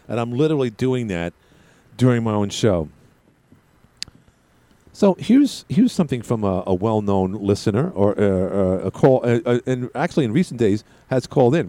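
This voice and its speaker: A male talk radio host chats loosely on air, his pitch rising and falling a lot as he goes. He rambles, stumbles and restarts his sentences, and he talks over his callers. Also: mellow. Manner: interrupts callers. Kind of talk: casual talk radio chat.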